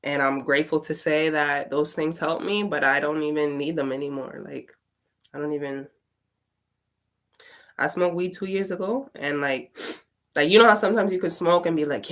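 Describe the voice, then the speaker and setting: Woman storyteller, deep voice, rambling casual monologue, filler-heavy and profane. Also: moderate pace. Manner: rambling, full of "like" fillers and swearing. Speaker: tarot reader and poet.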